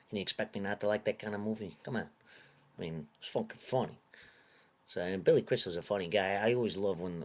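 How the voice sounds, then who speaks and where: Sex: man. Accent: put-on Italian-American mobster. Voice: very low, gruff, profane. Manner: profane, rambling, gruff wise-guy swagger. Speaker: vlogger. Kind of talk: comic rant in a tough-guy persona.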